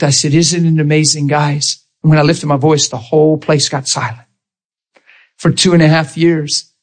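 A man, a pastor, telling a personal testimony in a sermon, animated and leaping into high excited exclamations. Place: church sanctuary.

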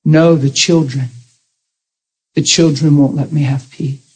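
A man voicing a sedated, troubled elderly woman who speaks slowly and haltingly. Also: deep voice, fairly even intonation, a little mellow, breathy edge, exaggerated voice, low-quality recording. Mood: anxious. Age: older.

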